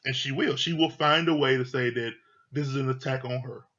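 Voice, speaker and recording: A man's voice: medium pitch, brisk, sharp tone. A man giving a casual, heated review of a reality TV show, talking bluntly and swearing freely. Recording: dull lo-fi sound.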